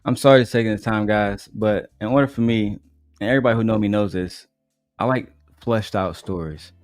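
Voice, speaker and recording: A man's voice: fairly low pitch, no echo, clean studio sound. Man hosting a live reaction stream. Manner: wry, deliberate, addresses the viewers. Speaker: livestream host reacting to a clip.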